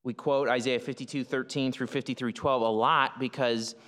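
A man's voice: medium pitch, steady tone, moderate pace, a bit bright. A male pastor preaching a sermon in an explanatory way, often restarting phrases and using fillers. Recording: long hall reverb.

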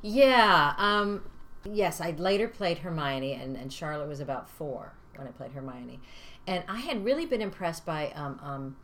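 A woman's voice: deep voice, lively intonation, a little slow, fairly bright tone, a little hiss or hum. A middle-aged woman, a stage actress, chatting casually on a podcast and acting out lines as she explains. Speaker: Shakespearean actress and guest.

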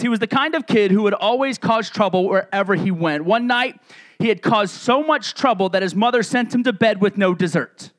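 Male pastor, middle-aged, very high voice, casual jokey sermon delivery. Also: fairly bright tone. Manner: humorous, conversational preaching with asides.

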